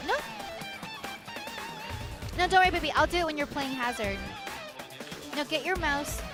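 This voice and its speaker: A woman's voice: high-pitched, moderate pace, over music. A woman co-hosting a live stream, greeting viewers by name in a bubbly, chatty way. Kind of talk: casual live-stream chat.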